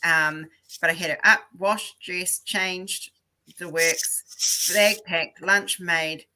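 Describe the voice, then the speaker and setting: A woman's voice: lowish voice, fairly even intonation, takes it slowly, sharp tone. A woman hosting a casual livestream chat, greeting viewers by name and telling stories. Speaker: livestream host.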